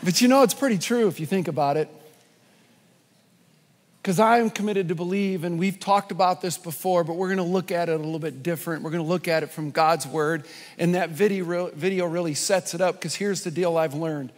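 A man preaching a sermon as a pastor, telling a joke in a conversational, lively storytelling way. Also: high-pitched, brisk, long reverb tail.

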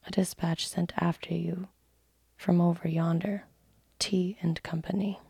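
A hoarse messenger on horseback , whispered by a woman, speaks in blunt, rough words. The whispered role-play is raspy and gravelly, with a flat pitch. It comes out dark and dry. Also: a little slow, dry recording, full character voice. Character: hoarse muddy male messenger rider.

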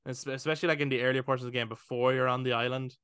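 A man's voice: mid-range voice, level tone, racing, a bit bright, clear, resonant tone, dry recording, studio quality. A man co-hosting a podcast in casual chat, acting out his own thoughts, swearing and laughing. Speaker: podcast co-host.

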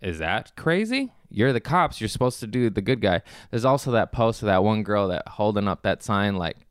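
A man's voice: lowish voice, sing-song, moderate pace, clean tone, no echo, studio quality. A man in his thirties telling a rambling, profane story in a casual chat, laughing often and restarting his sentences. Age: 30s. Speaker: podcast host. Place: Los Angeles.

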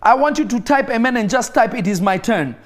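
A man's voice: very high voice, lively intonation, fairly quick. Fervent male preacher, emphatic and repetitive. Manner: slips into praying in tongues. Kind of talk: sermon to an online audience.

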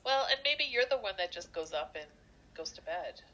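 A woman co-hosting a podcast who laughs often and reacts quickly with teasing questions. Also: on the low side, expressive, a bit bright, lo-fi sound. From Canada. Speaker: podcast co-host. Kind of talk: casual chat.

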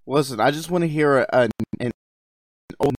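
A man's voice: medium pitch, normal speed, dry recording, far from the mic. A man from Philadelphia, co-hosting a podcast, who keeps interrupting to get the floor. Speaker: podcast co-host. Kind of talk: casual crude banter. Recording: slightly off-mic.

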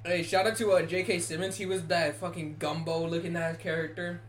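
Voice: mid-range voice, little pitch movement, brisk, slight background noise. A young adult co-hosting a casual chat, telling stories with energy, swearing often and laughing a lot. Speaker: podcast co-host.

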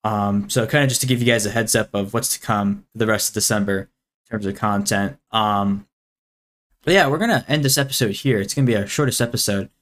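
A man's voice: lowish voice, a little fast, fairly bright tone. Easygoing teenage boy podcast host. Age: teens. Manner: easygoing, laughs often between lines. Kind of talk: casual chat.

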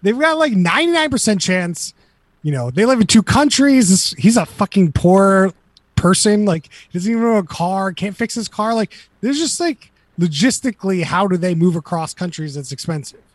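A man's voice: high voice, animated, normal speed, no echo. A man co-hosting a casual chat, rambling through incredulous rhetorical questions.

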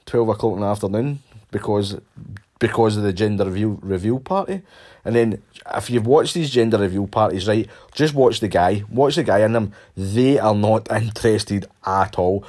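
Scottish man, ranting monologue, sweary, sarcastic, fairly low voice. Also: normal speed, darkish tone.

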